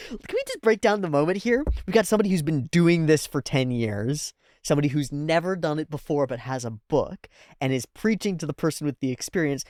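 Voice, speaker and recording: A man hosts a casual anime reaction, thinking out loud with filler words, laughing a lot, and bursting into loud, high-pitched exclamations. His pitch swings widely at a moderate pace. The studio-quality recording has no room sound.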